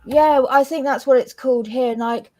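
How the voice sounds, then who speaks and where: A woman with an English accent chatting casually as a co-host, blunt and animated, swearing freely. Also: high voice, moderate pace. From England. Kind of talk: casual chat.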